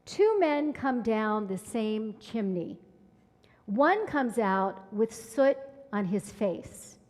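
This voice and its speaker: A woman voicing a patient, wise older male rabbi who questions calmly. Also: fairly high pitch, slow pace, long reverb tail.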